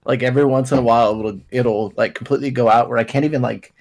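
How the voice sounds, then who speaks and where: A man co-hosting a podcast in casual chat, cutting in with blunt, quick remarks. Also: medium pitch, steady tone, a little mellow. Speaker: podcast co-host.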